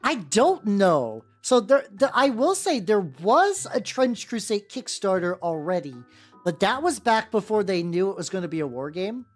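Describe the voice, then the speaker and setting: A very animated woman with a mid-range voice speaks at a moderate pace during a casual livestream of her miniature painting. She welcomes viewers by name, laughs, and swears freely, all with soft music in the background.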